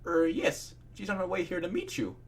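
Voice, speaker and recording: Male reader doing a gentle, jittery pony doctor: husky, raised pitch, polite storybook voice. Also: huge pitch swings, normal speed, full character voice. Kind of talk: fan fiction read aloud.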